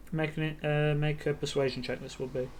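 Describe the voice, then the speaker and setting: A man's voice: a little high, little pitch movement, a little fast, darkish tone, a little hiss or hum. A man running a tabletop game on stream as game master, narrating loosely and hesitantly with many fillers. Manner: loose, hesitant narration full of ums and "sort of".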